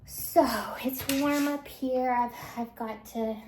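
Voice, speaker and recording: A woman talking casually to her viewers in a rambling way, full of fillers and soft whispered asides, recorded with echo. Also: sits high, steady tone, takes it slowly, background noise. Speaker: vlogger. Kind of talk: casual monologue. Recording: echoey recording.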